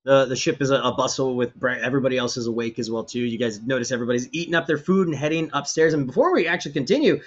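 A man's voice: medium pitch, very fast, few pauses. A man narrating as game master of a tabletop game, with a loose, rambling delivery full of fillers and restarts. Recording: slightly dull lo-fi stream audio.

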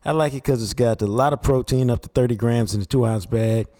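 A man co-hosting sports talk, breaking down football and chatting about sponsors in a steady, conversational way. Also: medium pitch, brisk. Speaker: sports radio co-host. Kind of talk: casual football analysis.

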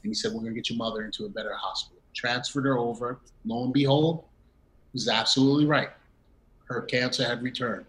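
A man's voice: medium pitch, steady tone, quick pace, fairly bright tone, rough recording. A middle-aged man, a guest in a conversation, telling a personal story and acting out the quoted dialogue with bursts of laughter. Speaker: interview guest.

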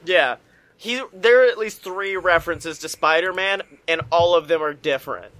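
A man's voice: a little high, moderate pace. A man co-hosting a podcast, casually recapping a movie with crude jokes and frequent laughter. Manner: crude, laughing, animated storytelling. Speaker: podcast co-host. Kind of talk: casual movie review chat.

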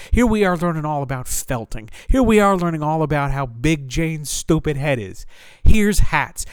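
A man's voice: on the high side, no room sound, studio quality. A young man ranting sarcastically and with exasperation about story pacing, swearing freely. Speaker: host. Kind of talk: comedic writing advice rant.

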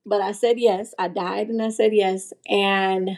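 This woman, a podcast guest, recounts something from her own life in a lively way, peppering it with "like" and imitating whoever she quotes. She has a mid-range voice and keeps a measured pace.

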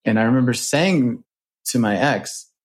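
A man in his thirties, a podcast guest and author, telling reflective stories in an earnest, animated way with casual swearing. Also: mid-range voice, unhurried, husky. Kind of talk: reflective storytelling.

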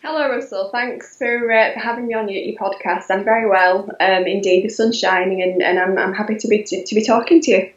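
A woman in her forties with a Yorkshire accent, a podcast guest who talks haltingly with many fillers and restarts. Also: mid-range voice, steady tone, reverberant, dull audio. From West Yorkshire, England. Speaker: guest author. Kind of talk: podcast interview.

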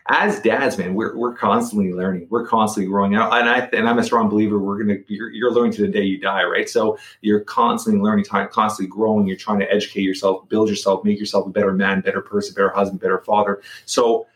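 Low-voiced man telling a story in an echoey room. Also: fairly even intonation, fast, few pauses, a bit bright. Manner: repeats words, fillers, restarts. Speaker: podcast guest. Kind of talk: casual storytelling.

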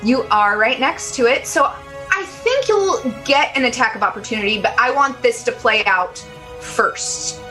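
A woman running a tabletop game as game master, describing monsters and calling for saving throws in a measured way. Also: fairly high pitch, expressive, sharp tone, faint music behind.

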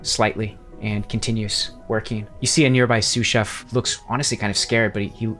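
A man's voice: lowish voice, flat delivery, moderate pace, a bit bright, faint music behind. A man narrating a tabletop game as game master, descriptive and wry.

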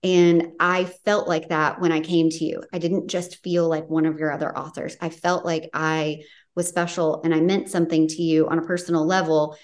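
A woman's voice: deep voice, flat delivery, moderate pace. A woman hosting a podcast interview, gushing with heartfelt praise for her guest and getting emotional. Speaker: podcast host and author. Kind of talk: casual interview chat.

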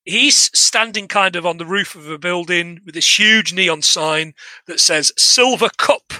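An English man casually retelling a film plot to a co-host, animated and chatty, laughing and swearing now and then. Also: high voice, a little slow, no room sound, low-quality recording. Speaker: podcast co-host. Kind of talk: casual film recap chat.

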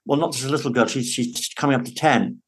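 A man's voice: medium pitch, fast, slightly rough. A man speaking as a guest in a conversational interview, earnest and emphatic, often restarting his words. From United Kingdom. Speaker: podcast guest, father.

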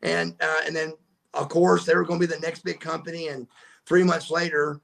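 A middle-aged man, a podcast guest telling stories in a casual, animated way and acting out the voices of the people in them. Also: a little high, normal speed, gravelly. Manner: animated storyteller who acts out quoted voices. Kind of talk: casual storytelling.

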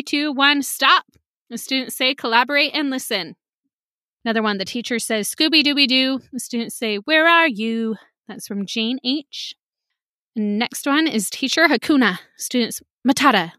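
A woman hosts a teaching podcast in a casual, chatty way, and she sometimes sings out short jingles. Her voice sits at a middle pitch. It is recorded close and dry, with no room sound. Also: fairly bright tone, no echo.

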